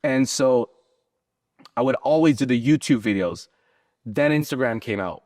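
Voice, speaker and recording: Blunt storytelling business owner, dry sound. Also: male voice, mid-range voice, lively intonation, a little slow, a little mellow, no echo. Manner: blunt, swears, acts out quoted dialogue. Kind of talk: casual interview storytelling.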